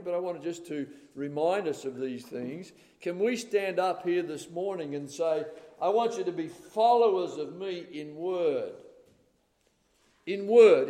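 An older man preaching a sermon in a church, emphatic, with loud stressed words and calls of "amen?". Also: on the high side. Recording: reverberant hall.

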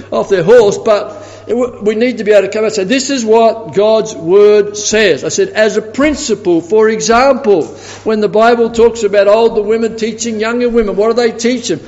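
A man preaching a sermon, telling a story and quoting others with animated delivery. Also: high voice. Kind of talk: sermon with anecdote. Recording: dull sound with long reverb in a hall.

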